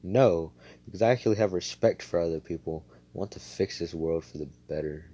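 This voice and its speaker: A man's voice: deep voice, fairly quick, mellow, dull audio, a little hiss or hum, lightly acted. A man voicing a hotheaded young male hero who talks bluntly and swears a lot. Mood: ranting. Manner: profane, blunt.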